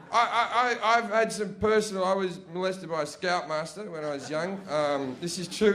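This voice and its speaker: A young man doing a crude, swearing stand-up comedy set on a club stage. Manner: crude, swearing, loud jumps in pitch and volume.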